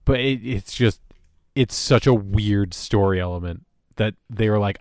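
A man chats on a podcast at an ordinary middle pitch, dropping quick sarcastic quotes and swear words between laughs. The sound is close and dry, with no room around it. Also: darkish tone, clean tone, no echo. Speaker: podcast co-host. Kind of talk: casual chat.

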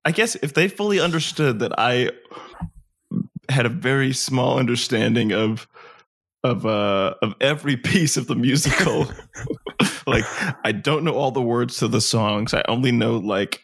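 A man's voice: mid-range voice, a little slow, vocal fry, a bit bright. A young adult man co-hosting a podcast, playful and teasing, laughing often in casual chat. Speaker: podcast co-host.

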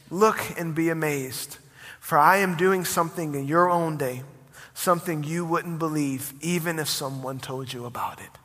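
A man preaching a sermon as pastor, impassioned and rising to near-shouts when he presses a point. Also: fairly high pitch, big-room sound.

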